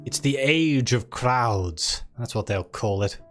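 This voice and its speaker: A man voicing a composed, weary middle-aged male politician and coin lord in a video game, speaking in a slow, measured way. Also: mid-range voice, lively intonation, soft background music.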